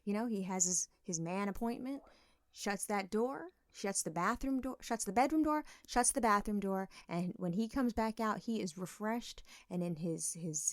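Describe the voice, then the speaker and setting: A woman's voice: mid-range voice, no echo, clean studio sound. A woman co-hosting a podcast in casual chat, telling frank, profane stories and acting out the people in them. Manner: frank, profane storytelling with animated quoted voices. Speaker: podcast co-host.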